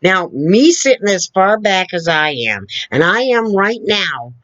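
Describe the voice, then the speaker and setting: A woman's voice: mid-range voice, sing-song, unhurried, a bit bright, no room sound, lo-fi sound. A woman vlogger lecturing straight to the camera, repeating her points and checking in with "okay?", recorded on a computer camera two feet away. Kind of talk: direct-to-camera opinion rant.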